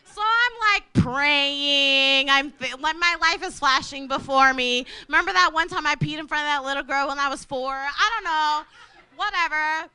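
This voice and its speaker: Woman, high bright voice, self-mocking, rambling comic storyteller. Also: unhurried, slight background noise. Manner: swears casually. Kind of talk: casual comic anecdote.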